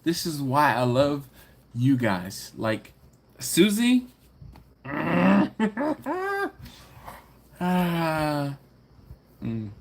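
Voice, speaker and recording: Unhurried, animated man chatting on a live stream. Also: on the high side. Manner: reads viewer comments aloud and responds playfully; frequent laughter and drawn-out teasing emphasis. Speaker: livestream host. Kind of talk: casual live-stream chat.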